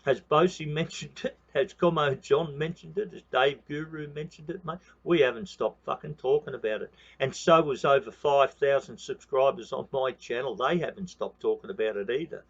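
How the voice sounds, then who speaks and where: A man's voice: mid-range voice, normal speed, vocal fry, husky, highs cut off. An Australian man in his sixties giving a heated, profane monologue on his own channel, repeating phrases and calling the listener mate. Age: 60s. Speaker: channel host. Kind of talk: ranting monologue.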